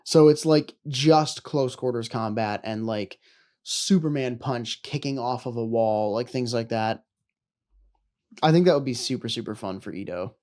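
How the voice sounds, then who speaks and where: A young man in casual podcast chat, talking at an ordinary middle pitch with a meandering, filler-heavy delivery. He drifts through his thoughts and swears offhandedly as he talks about his tabletop character. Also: unhurried, darkish tone. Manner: loose and rambling, many "like" fillers, swears casually. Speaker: podcast co-host, tabletop player.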